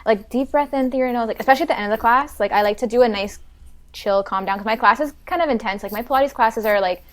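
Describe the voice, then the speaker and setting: A young woman talking as a podcast guest in casual chat, chatty and filling her talk with "like". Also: on the high side. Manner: fast and chatty, fills talk with "like". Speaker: podcast guest, Pilates instructor.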